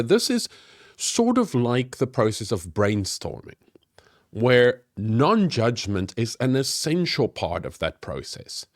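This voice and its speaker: A man's voice: lowish voice, no echo, clean studio sound. A man giving friendly, encouraging instructions for an improv exercise in a tips video. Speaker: game master and improv teacher.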